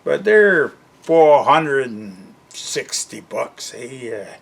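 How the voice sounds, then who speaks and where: Older Canadian guy, unhurried folksy vlogger, chuckles through his rambling asides. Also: mid-range voice, sing-song, vocal fry. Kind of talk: casual rambling monologue.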